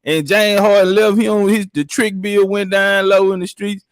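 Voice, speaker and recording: A man's voice: high-pitched, steady tone, normal speed, no room sound. A man telling profane stories in casual chat and acting out the people he quotes. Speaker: podcast guest. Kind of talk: casual storytelling.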